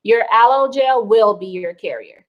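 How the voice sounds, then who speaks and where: A woman's voice: on the high side, normal speed, highs cut off. A middle-aged woman hosting a wellness livestream, chatting casually and reading out viewer comments with rambling asides.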